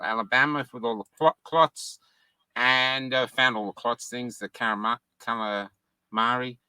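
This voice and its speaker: A man's voice: medium pitch, pushed and bright, smooth, no room sound, poor audio. A tired male host chatting and wrapping up a show, often stumbling and repeating words. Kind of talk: casual interview chat.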